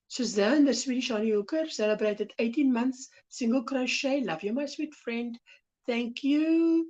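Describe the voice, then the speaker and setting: Soft-spoken South African woman, lo-fi. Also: fairly high pitch, expressive, unhurried. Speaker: crochet livestream host. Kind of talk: casual livestream chat, reading viewer comments. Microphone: phone.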